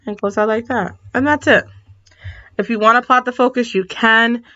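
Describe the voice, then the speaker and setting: A woman's voice: a little high, steady tone, moderate pace, pushed and bright, muffled recording. A woman math teacher talking through a recorded lesson in a casual way, tired and yawning, often correcting herself and saying sorry. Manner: casual, self-correcting, apologetic asides.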